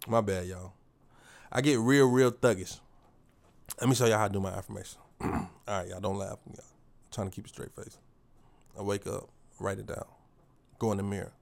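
A man's voice: on the low side, fairly even intonation, a little fast, gravelly, pauses often, darkish tone. A man hosting his own podcast, giving a motivational monologue in a preachy, slang-heavy way and repeating phrases for emphasis. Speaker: podcast host.

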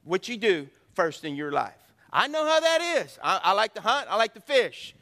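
Middle-aged pastor, male, high bright voice, folksy joking sermon with call-and-response. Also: sing-song, normal speed.

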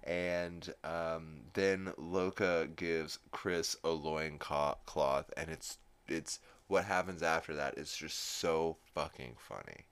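Podcast guy rambling thru a cartoon recap, low voice, dry sound. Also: slow pace, few pauses, fairly bright tone, clean tone, no room sound. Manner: rambling, lots of fillers, swears freely. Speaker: podcast host. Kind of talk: casual episode recap.

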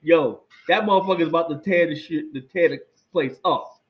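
A middle-aged man, a guest, telling stories in casual chat, rambling and animated, with many fillers and restarts. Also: on the high side, a little fast, dull audio.

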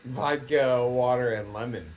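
A man's voice: mid-range voice, unhurried. A man co-hosting a casual online show, joking around and swearing freely. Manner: joking and profane. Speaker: podcast co-host. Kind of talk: casual chat.

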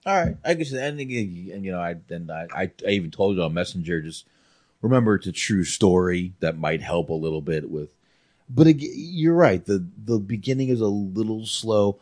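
A man from North Carolina talks through a film he loves in a loose, rambling way, full of restarts and fillers. His voice sits very low. The sound is dry, with no room around it. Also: lively intonation, moderate pace, a little mellow, no room sound. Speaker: podcast host. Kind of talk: casual movie review chat.

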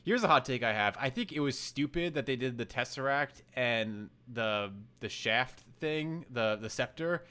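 A man co-hosting a podcast in casual chat, giving opinions and quick quips, with hesitant fillers. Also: medium pitch, expressive, bright, forceful tone, smooth. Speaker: podcast co-host.

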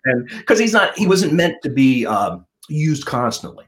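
A middle-aged man, a comedian and ventriloquist, telling stories as a guest in a casual interview. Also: normal speed. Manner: animated storyteller, lively pitch swings.

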